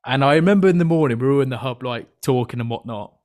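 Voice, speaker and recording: A man's voice: mid-range voice, fast, a little mellow. A young British man hosting a podcast, telling stories in casual banter and teasing his guest with a chuckle. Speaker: podcast host.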